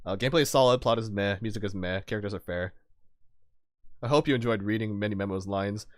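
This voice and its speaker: A man's voice: on the low side, fast, no echo, clean studio sound. Giggly rambling man streaming a game. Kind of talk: casual live-stream chat.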